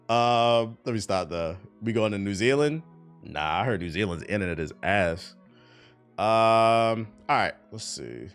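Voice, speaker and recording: Young man, livestream host, casual joking chat, very expressive pitch, faint background music. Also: a little slow, smooth. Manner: animated, joking, profane, reads chat aloud.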